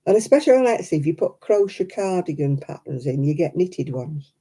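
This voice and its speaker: A British woman chatting casually on her crafting livestream, mimicking people in high voices as she tells stories. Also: animated, fairly quick, mellow, husky. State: struggling with hand pain. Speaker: livestream host.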